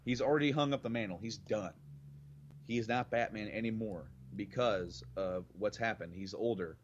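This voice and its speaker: A man's voice: lowish voice, moderate pace, highs cut off, a little hiss or hum. A man co-hosting a podcast in casual chat, rambling and circling back on his points. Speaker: podcast co-host.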